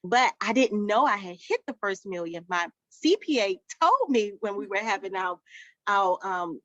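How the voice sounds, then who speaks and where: A woman's voice: mid-range voice, normal speed, dry recording. A woman, a childcare business owner, telling her story as a summit guest and acting out the dialogue in it. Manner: lively storyteller who acts out quoted dialogue. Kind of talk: storytelling interview answers. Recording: dull lo-fi dry sound.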